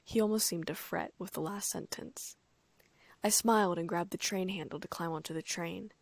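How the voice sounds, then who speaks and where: Husky, soft-spoken woman reading a story. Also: lowish voice, normal speed, no room sound. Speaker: audiobook narrator. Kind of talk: first-person fan fiction audiobook reading.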